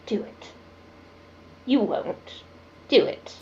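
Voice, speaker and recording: A woman voicing a taunting masked male swordsman in a tabletop game, speaking in a soft, mocking near-whisper. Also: a little high, animated, unhurried, creaky, lo-fi sound, slight background noise.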